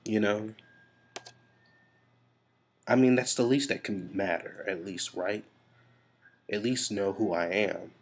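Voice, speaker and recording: A man with a low, deep voice speaks straight to his camera in a confessional vlog. He sounds stressed and frustrated. He rambles and swears freely as he thinks aloud. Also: slow pace, pauses often, husky. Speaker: vlogger.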